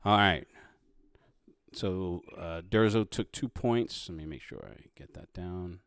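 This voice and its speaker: A man running a tabletop game as game master, casual and halting, with lots of fillers and restarts. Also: low voice, expressive, gravelly, smooth, dry recording, clean studio sound.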